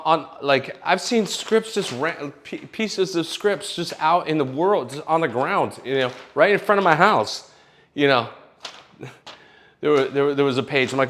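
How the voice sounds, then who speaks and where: A young man, a screenwriter in Los Angeles, giving blunt, casual advice in an animated way, swearing often and restarting his sentences. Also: medium pitch.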